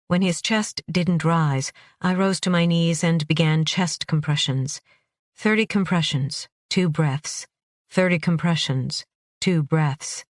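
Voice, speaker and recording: Audiobook narrator for a first-person thriller, mid-pitched voice, steady reading, very dry close sound. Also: dry recording.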